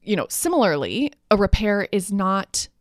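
A woman's voice: medium pitch, very animated, normal speed, dry recording, studio quality. A woman hosting a parenting podcast, explaining in an earnest, encouraging way. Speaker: podcast host, parenting coach. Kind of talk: solo podcast teaching.

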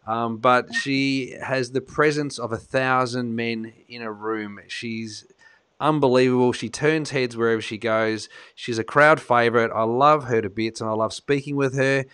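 A man co-hosting an interview show, effusive, excitable and openly emotional. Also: medium pitch, normal speed, smooth, no echo. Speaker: co-host, wellness expert.

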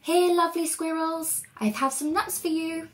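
A woman voicing a fussy, easily annoyed female witch, who calls out brightly and grumbles in drawn-out words. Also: extremely high pitch, steady tone, voice pushed up. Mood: chirpy. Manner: exclaims, grumbles and stretches words.

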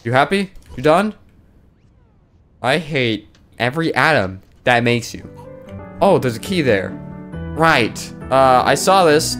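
Over music, a gaming video creator with a mid-range voice does sarcastic, jokey let's play commentary, speaking slowly with long pauses and lively intonation. He scolds the game character and breaks into sudden bursts of swearing and exclamations.

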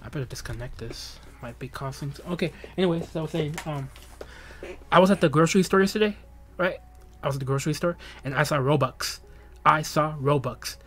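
A man's voice: on the high side, faint music behind. A young man hosting a livestream, chatting casually and rambling with lots of laughs and jokes. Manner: rambling, joking, laughs often, drawn-out bits. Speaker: livestream host.

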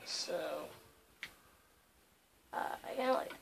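Slow rambling woman gaming commentator. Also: sits low, expressive, creaky, background noise. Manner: rambling, filler-heavy, lots of "kinda" and "like". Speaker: gaming channel host. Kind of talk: casual let's-play commentary.

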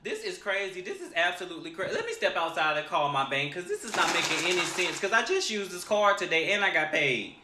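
A man's voice: high voice, very animated, fast, hardly any pauses, noisy background. A man playing a brash, outraged shopper. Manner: brash, swearing, comic outrage. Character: loud indignant customer whose card declined. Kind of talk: comedy skit video. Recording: echoey room from a video clip.

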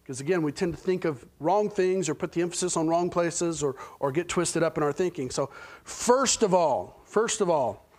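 Male pastor with an Oklahoman accent, high voice, chatty sermon delivery, church sanctuary. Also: darkish tone. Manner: conversational preaching, frequent "right?" and "okay?" check-ins.

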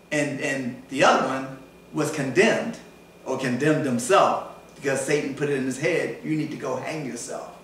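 A man with a fairly high voice preaches to a congregation, lively and dramatic, acting out the people in his stories. He sounds distant from the microphone, and his voice rings around a big, echoing church hall. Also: slight background noise. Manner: animated preaching, acts out voices in retold stories. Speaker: pastor. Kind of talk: sermon. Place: church sanctuary. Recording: echoey church hall, voice from far off.

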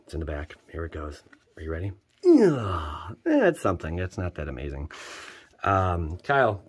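A man casually commenting as he opens card packs for viewers, excitable and joking, jumping between loud hype and quiet muttering. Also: sits low, moderate pace, slightly rough. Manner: slangy, joking, teasing. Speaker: channel host opening card packs for viewers.

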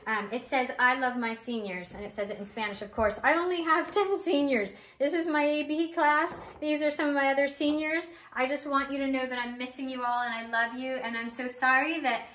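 A woman's voice: high voice, steady tone, fairly quick, few pauses, fairly bright tone, reverberant. A woman teacher recording a video message to her students, emotional and close to tears. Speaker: Spanish teacher.

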